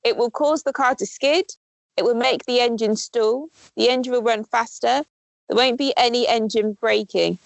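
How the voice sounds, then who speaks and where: Young woman reading quiz qs, gravelly voice, dry close mic. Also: a little high, moderate pace, dry recording. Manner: reading quiz questions aloud, flustered. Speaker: podcast co-host. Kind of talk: casual chat.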